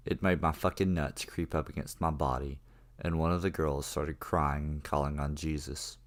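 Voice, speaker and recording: A man's voice: very deep voice, little pitch movement, normal speed. A man narrating a horror story in a casual, profane first-person manner. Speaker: creepypasta narrator.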